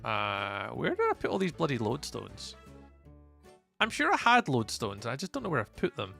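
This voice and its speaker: A Scottish man hosts a live game stream with a bright, edgy voice and a good deal of vocal fry. He chats easily with his viewers, greeting them by name and reading their messages aloud, while his pitch swings freely up and down. Faint music plays behind him. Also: wildly swooping pitch, moderate pace. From Scotland. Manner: chatty, greets and thanks chat by name, reads messages aloud.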